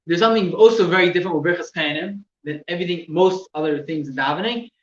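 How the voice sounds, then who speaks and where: Man teaching in an echoey room. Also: on the high side. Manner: halting, repeats words, shows gestures. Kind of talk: explaining laws in a class. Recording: echoey room, distant mic, dull sound with faint noise.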